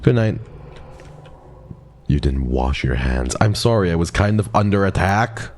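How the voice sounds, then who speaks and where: A man's voice: low-pitched, animated, unhurried, long pauses, darkish tone. A man chatting playfully with viewers while live-streaming a horror game, jumpy and talkative. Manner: playful, jumpy, chatty with viewers, drops to a whisper when scared. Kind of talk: casual live-stream chat while gaming.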